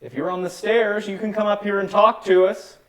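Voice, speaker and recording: Alert, hushed man calling out to spirits. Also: high voice, little pitch movement, fairly quick, low-quality recording. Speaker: guest paranormal investigator. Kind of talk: ghost-hunt calling out. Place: dark old building indoors.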